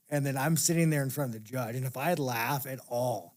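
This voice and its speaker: A man's voice: mid-range voice, fairly quick. A man as an interview guest, telling stories in a blunt, profane, casual way and laughing as he talks.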